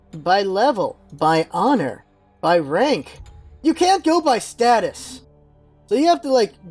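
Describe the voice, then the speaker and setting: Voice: mid-range voice, a little mellow. A gaming channel host giving rambling, offhand casual commentary while browsing game menus.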